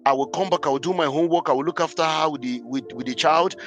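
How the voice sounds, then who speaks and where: A man, a podcast guest, telling his life story in an animated, emphatic way. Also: fairly high pitch, quick pace, soft background music. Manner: animated, emphatic, acts out scenes. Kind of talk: personal storytelling in conversation.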